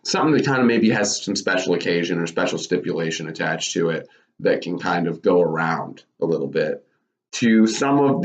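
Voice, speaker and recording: A man casually giving his thoughts on wrestling for his channel, rambling with lots of self-corrections. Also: low voice. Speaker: wrestling commentary YouTuber. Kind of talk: casual spoken commentary. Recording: roomy, dull lo-fi.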